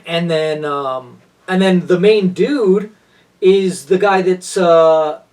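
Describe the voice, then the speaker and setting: A podcast co-host chats casually in a fairly high, darkish voice, speaking slowly and rambling with enthusiastic, gushing energy and lots of restarts. He sits a bit back from the mic, so he sounds slightly distant.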